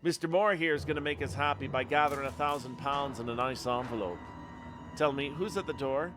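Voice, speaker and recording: A man's voice: mid-range voice, lightly acted. Man putting on an Irish mob boss. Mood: commanding. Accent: put-on Irish. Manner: slow, cold, threatening drawl. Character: menacing Irish male mob boss, calm and cruel. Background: background game music.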